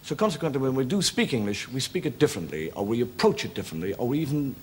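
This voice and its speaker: Irish male comic, wry stand-up storyteller, animated delivery, noisy 1970s TV recording. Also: mid-range voice. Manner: wry joke-telling with quick character voices. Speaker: comedian.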